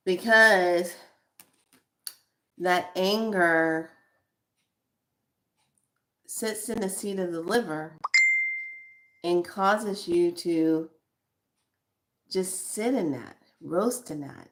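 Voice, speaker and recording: Woman, spiritual guide, card reading, journal prompts, very slow, reflective, repeats questions. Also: lowish voice, a bit bright.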